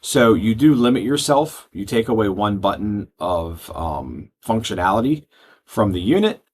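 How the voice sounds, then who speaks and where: A man giving a step-by-step software tutorial, explaining settings plainly with frequent ums. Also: lowish voice, expressive, unhurried, a little hiss or hum. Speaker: product trainer. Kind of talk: screen-recorded software tutorial.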